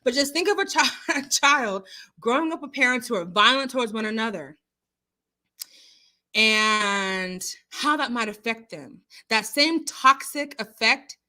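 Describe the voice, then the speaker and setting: Bright, chatty woman streamer. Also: a little high, unhurried. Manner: chatty, emphatic, laughs often. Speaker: livestream host. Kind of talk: casual livestream chat.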